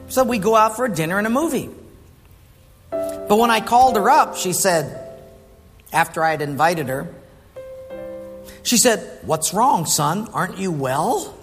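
High-voiced male preacher in a hall. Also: lively intonation, a little slow, pauses often, soft background music. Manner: conversational, asks the congregation questions. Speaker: pastor. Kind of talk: sermon.

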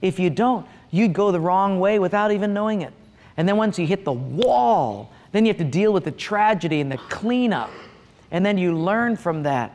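A man's voice: high voice, normal speed, big-room sound. A middle-aged male pastor preaching a sermon, telling humorous stories with playful asides. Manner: humorous storytelling, lively asides.

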